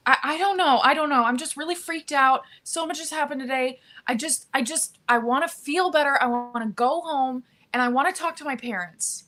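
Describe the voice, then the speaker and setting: A woman's voice: high-pitched, fairly quick, few pauses, sharp tone. A woman playing a rattled, theatrical young heiress. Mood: panicked. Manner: overwrought, theatrical, milking it.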